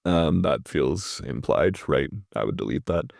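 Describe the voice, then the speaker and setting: A man's voice: rumbling low, expressive, measured pace, gravelly, few pauses, a little mellow, no echo, clean studio sound. A young man who hosts a channel, reading a submitted short story and giving casual feedback, often checking in with "right?". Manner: casual, hedging, ends points with "right?". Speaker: host critiquing a submitted story. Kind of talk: reading and critiquing writing.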